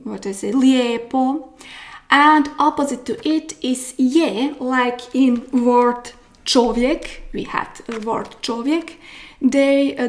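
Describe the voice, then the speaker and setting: A woman with a Croatian accent, a native Croatian speaker, teaching pronunciation slowly, with many pauses and fillers as she demonstrates sounds. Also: high-pitched, slight background noise. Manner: slow, hesitant, many fillers, careful demonstrations. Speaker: language teacher. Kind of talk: pronunciation lesson.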